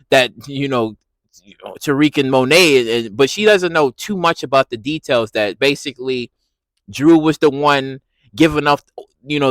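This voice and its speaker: A man giving a casual, animated recap of a TV episode, laughing and repeating himself as he reacts. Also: a little high, dry recording. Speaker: TV recap vlogger.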